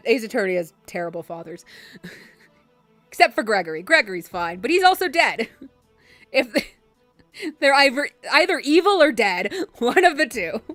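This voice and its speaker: A woman's voice: a little high, fairly bright tone. Joking woman streamer over game music. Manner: joking, swears, laughs often. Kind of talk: casual game playthrough commentary.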